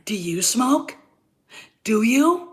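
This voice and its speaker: A woman hosting her own commentary channel, her voice congested and thick as she gets over covid. She talks slowly and bluntly, her opinions heated and laced with profanity. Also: a little high, very animated. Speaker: channel host.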